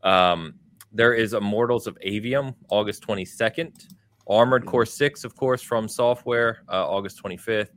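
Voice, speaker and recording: A man's voice: on the low side, normal speed, a bit bright. A man hosting a casual gaming podcast, running through a list of release dates and viewer comments. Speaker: podcast host. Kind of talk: casual chat.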